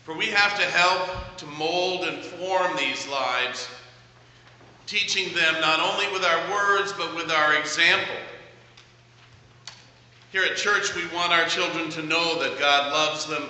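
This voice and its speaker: Middle-aged male pastor, sharp tone, measured storyteller; echoey church hall from a distance. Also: on the high side. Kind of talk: sermon. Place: church sanctuary.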